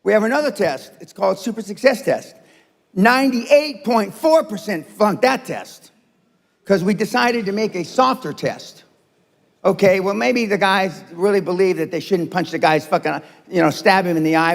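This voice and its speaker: A man's voice: high-pitched, lively intonation, normal speed, vocal fry, long reverb tail. An older man giving a blunt, profane and confrontational seminar speech to a live audience. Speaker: motivational speaker. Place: seminar room.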